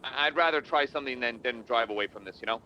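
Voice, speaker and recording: A man's voice: mid-range voice, fast, muffled recording, slight background noise. A man role-playing a police officer in a game, talking tactics with hesitant restarts. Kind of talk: in-character role-play chat.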